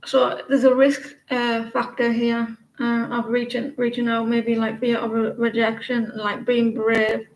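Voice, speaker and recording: A woman with an English accent giving tarot readings on a live stream, talking haltingly with many fillers and restarts. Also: fairly high pitch, completely flat delivery, echoey room, low-quality recording. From England. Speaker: tarot reader.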